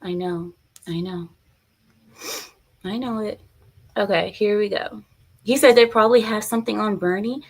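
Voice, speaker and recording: A woman's voice: medium pitch, steady tone, moderate pace, long pauses. Chatty opinionated woman streamer. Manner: chatty, opinionated, reads viewer comments aloud. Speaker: political commentary streamer. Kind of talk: casual live-stream commentary.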